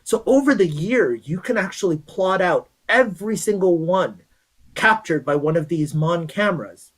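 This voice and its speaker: A man's voice: sits high, lively intonation, moderate pace, low-quality recording. Man, guest astronomy presenter; chatty, enthusiastic explainer and storyteller. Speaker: guest speaker at an astronomy event.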